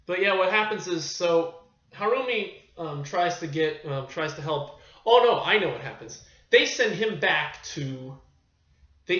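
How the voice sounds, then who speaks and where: A rambling, chatty male film reviewer with a bright, forceful voice that sits a little high. He talks loosely and keeps losing his thread. The sound is dull and lo-fi, in an echoey room. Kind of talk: casual film review monologue.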